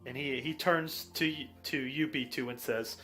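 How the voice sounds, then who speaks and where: A man's voice: mid-range voice, steady tone, normal speed, bright, forceful tone, soft background music. A man narrating a tabletop game as game master in a voice chat, easygoing and descriptive.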